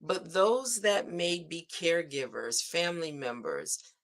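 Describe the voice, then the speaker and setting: A woman's voice: lowish voice, lively intonation, gravelly, fairly bright tone. A woman hosting a devotional livestream, speaking earnestly with frequent "right?" asides. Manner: slow, earnest, with spoken declarations and frequent "right?". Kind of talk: inspirational devotional talk. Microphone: streaming setup.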